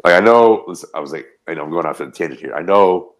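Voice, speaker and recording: A man on a podcast telling a rambling, profane anecdote in a casual, animated way. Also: sits low, fast talker, dull audio. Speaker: podcast co-host. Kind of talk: casual storytelling.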